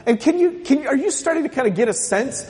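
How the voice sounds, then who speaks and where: A man's voice: extremely high pitch, lively intonation, fast, a little mellow, in a large hall. A man from the US West Coast preaching a sermon as pastor, joking and asking the congregation questions. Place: church sanctuary.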